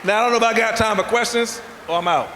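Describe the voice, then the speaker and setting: A man from the American South works the crowd like a preacher, his voice pitched high and full of call-and-response energy. He speaks in a large indoor hall, and his words ring back with a long, roomy reverb and a faint hiss of noise underneath. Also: quick pace. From Southern United States. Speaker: festival speaker, vegan chef. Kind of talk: motivational talk.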